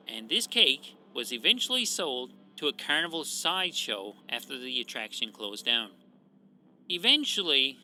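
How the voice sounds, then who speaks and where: A man from Atlantic Canada with a very bright, cutting voice and the accent of his home region, hosting a true crime podcast on his own. He talks with lively, swinging intonation, dry and sarcastic, swearing freely and tossing in dark jokes. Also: a little high, low-quality recording. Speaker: podcast host.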